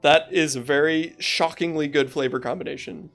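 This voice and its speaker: A young woman streamer reading a dating game aloud in a playful, animated way, with casual asides. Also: deep voice, moderate pace, soft background music.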